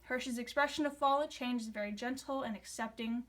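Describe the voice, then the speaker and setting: A woman's voice: fairly high pitch, brisk. Young woman giving a class presentation. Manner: reads from a script, with fillers and restarts when explaining. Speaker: student presenter.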